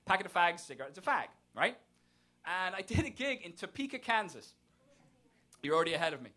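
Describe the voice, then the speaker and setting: High, lively-voiced English comedian. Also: male voice, a little fast. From England. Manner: wry, self-deprecating, profane humor. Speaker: stand-up comedian. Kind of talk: stand-up set and casual interview.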